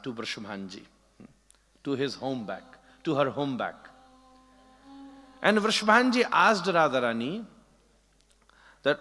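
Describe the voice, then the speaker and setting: A man's voice: mid-range voice, sharp tone. A man telling a devotional story, prompting listeners with frequent "huh?", in a large hall. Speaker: spiritual preacher. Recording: long hall reverb.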